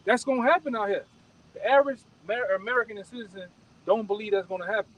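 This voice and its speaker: A man's voice: high voice, quick pace, recorded from a distance, dull audio. A man leading a casual group discussion, emphatic and repetitive, often ending his phrases with "man". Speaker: discussion leader.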